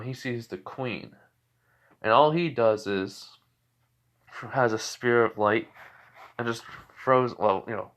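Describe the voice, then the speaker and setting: A man's voice: medium pitch, a bit bright. A man casually narrating a fan story, rambling with many fillers and restarts.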